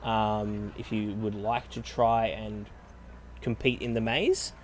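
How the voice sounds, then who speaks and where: A man's voice: fairly low pitch, little pitch movement, slow pace. A man narrating a tabletop game as game master, descriptive and often hesitating with ums. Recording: faint background noise.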